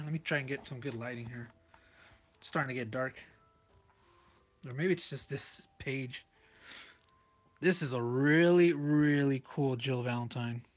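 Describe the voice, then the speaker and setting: A man's voice: medium pitch, a bit bright. A man casually reviewing a comic page by page, chuckling often and correcting himself in rambling asides. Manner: chuckles often and reads panel text aloud.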